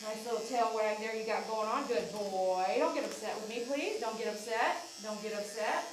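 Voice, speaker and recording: A woman dog groomer chats with viewers on a livestream while coaxing and soothing the dog, in an indoor grooming salon. Her voice is on the high side and a little fast, picked up by a distant mic in an echoey room, with clippers humming in the background.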